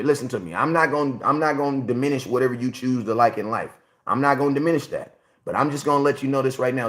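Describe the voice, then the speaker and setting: A man's voice: mid-range voice, fairly bright tone. Man, 40, sports livestream host; blunt, repetitive, chatty with the audience. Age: 40s. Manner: blunt, repetitive, talks straight to chat. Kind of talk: casual livestream commentary.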